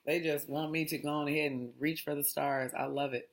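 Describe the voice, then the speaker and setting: A woman's voice: very deep voice, steady tone, normal speed, hardly any pauses. A woman hosting a casual mindfulness talk, reading aloud in a chatty, digressive way and often restarting her lines. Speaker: host.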